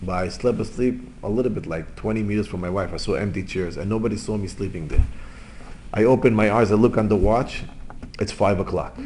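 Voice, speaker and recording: A rabbi giving an informal Torah lesson in English, mixing in terms and telling stories, jumping between loud exclamations and quiet asides. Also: male voice, fairly low pitch, fast, slight background noise. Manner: non-native English with Hebrew terms. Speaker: rabbi teaching.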